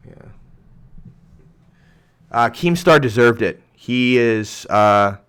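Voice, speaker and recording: A man's voice: medium pitch, animated, very slow, a bit bright, clean tone. A young man hosting a livestream, reading viewer comments aloud in a heated, rambling rant full of restarts. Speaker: YouTuber reading chat.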